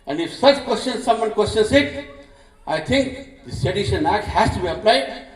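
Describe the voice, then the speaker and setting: A man's voice: sits high, animated, moderate pace. A man with an Indian accent giving an impassioned political speech at a public meeting. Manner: impassioned, declamatory. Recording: echoey hall, mic from far off.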